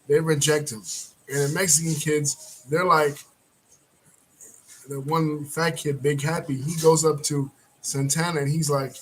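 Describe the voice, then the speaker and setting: A man casually recapping a film's plot as a reviewer, rambling with frequent fillers and throat-clearing. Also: on the high side, steady tone, measured pace, pauses often, fairly bright tone, slight background noise, rough recording. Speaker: movie reviewer.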